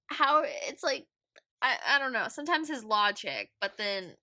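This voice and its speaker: Female podcast co-host, high and bright, expressive and exasperated in casual chat. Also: moderate pace. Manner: exasperated, expressive, sighs and groans. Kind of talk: casual book discussion.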